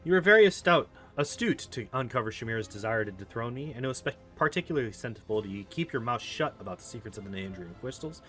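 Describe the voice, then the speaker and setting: A man's voice: medium pitch, lively intonation, fast talker, hardly any pauses, a bit bright, lightly acted. A man reading aloud as a haughty, scornful female demon queen in a video game, cold and mocking, with faint music behind. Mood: regal.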